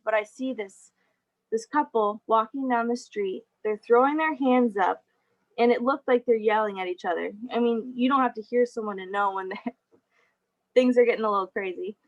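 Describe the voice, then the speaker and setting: A young adult woman with a slightly high voice speaks as a guest in a casual video-call presentation. She's chatty, laughing often and using plenty of fillers, and the audio is lo-fi.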